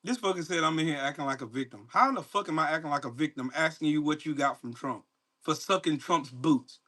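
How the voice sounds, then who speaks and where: Dude yelling at his livestream chat, swears nonstop, mocking, aave, high bright voice. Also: fast talker. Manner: profane, mocking, confrontational. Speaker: livestream host. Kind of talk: angry political rant to live chat.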